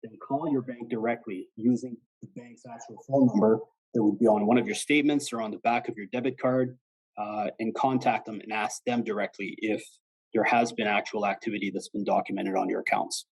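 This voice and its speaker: A man's voice: on the low side, fairly even intonation, brisk, husky, poor audio. A man and former police officer giving an informal, plain-spoken presentation on avoiding scams, acting out the callers he quotes.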